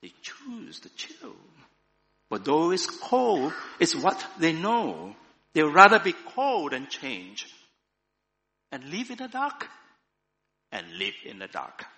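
A man reading the lines of a calm male stranger in a story, slow, low and gentle. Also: in a large hall, exaggerated voice. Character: calm male stranger who builds a fire.

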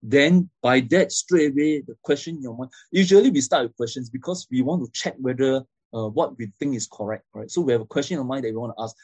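A man's voice: mid-range voice, fairly quick, few pauses, a little mellow, husky, dry recording. A man giving a classroom lecture, explaining step by step and often checking in with "okay?" and "right?".

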